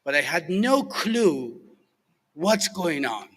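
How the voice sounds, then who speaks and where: Middle-aged guy w persian accent telling his recovery story, kinda high voice, lots of uh and restarts, big echoey hall. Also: very animated, a bit bright. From Iran. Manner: halting, many fillers and restarts, earnest. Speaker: recovery alumni speaker. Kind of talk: personal recovery share to a group. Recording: echoey hall with long reverb.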